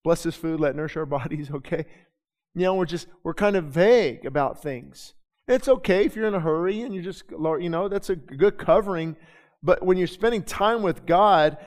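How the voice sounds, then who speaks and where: A male pastor preaching a sermon to his congregation, talking in a conversational way that swells into impassioned, urgent pleading. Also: fairly high pitch. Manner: impassioned, swings from quiet to loud; repeats words and restarts, conversational. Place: church sanctuary before a congregation. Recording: long reverb of a large hall.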